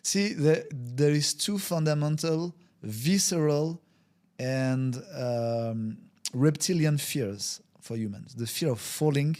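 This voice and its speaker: A man's voice: on the high side, slow pace, darkish tone. A man, a guest on a podcast, telling a story in conversation. He acts out the scenes with quoted voices, uses non-native phrasing, and often restarts his sentences. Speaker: podcast guest, wellbeing consultant.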